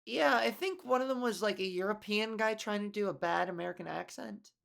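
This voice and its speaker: A woman's voice: medium pitch, fairly quick, creaky, a bit bright. A woman comedian hosting her own podcast, rambling in a casual, profane monologue with many restarts and asides.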